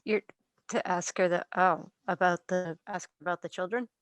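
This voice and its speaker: A woman's voice: lowish voice, steady tone, moderate pace, dry recording. A woman playing a tabletop game, hesitant and full of fillers. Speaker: player. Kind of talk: casual tabletop game play.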